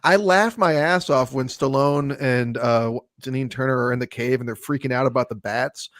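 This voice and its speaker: A man hosting a podcast in casual movie review chat, animated and sarcastic, laughing often. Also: medium pitch, normal speed, dry recording, studio quality. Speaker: podcast host.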